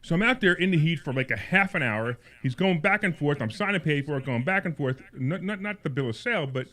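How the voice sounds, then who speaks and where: Fast-talking man telling a rambling story. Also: on the high side, expressive, sharp tone. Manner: rambling anecdote, repeats words and restarts; grows heated and indignant as he tells it. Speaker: radio talk show host. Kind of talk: casual storytelling on a call-in show.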